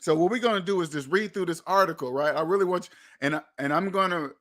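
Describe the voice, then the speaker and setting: A man's voice: high-pitched, fast talker, a bit bright. Emphatic man ranting to his viewers. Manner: emphatic, repetitive, profane, talks straight to viewers. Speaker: finance channel host. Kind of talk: casual monologue commentary.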